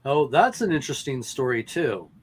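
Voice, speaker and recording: A man's voice: mid-range voice, lively intonation, normal speed, a little hiss or hum. A man, a paranormal investigator, chatting casually as a guest. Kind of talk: casual chat.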